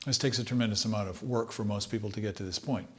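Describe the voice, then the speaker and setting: A man teaching trumpet, talking in a relaxed, thoughtful way and sometimes singing short phrases to demonstrate. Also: lowish voice, quick pace. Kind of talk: instructional talk.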